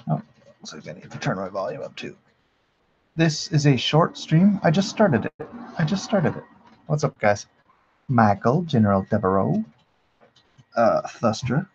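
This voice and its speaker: A man with a mid-range, gravelly, slightly rough voice hosts a drawing livestream in lo-fi sound. Relaxed and chatty, he talks with viewers and reads the chat aloud, laughing at it in amusement.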